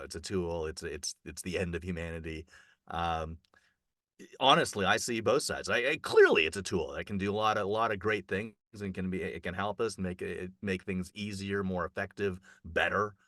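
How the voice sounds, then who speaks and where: Chatty bright-voiced man, dry sound. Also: dry recording. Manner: rambling, many fillers and restarts, pitch jumps up when excited. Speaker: festival reporter. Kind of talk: casual conversational report.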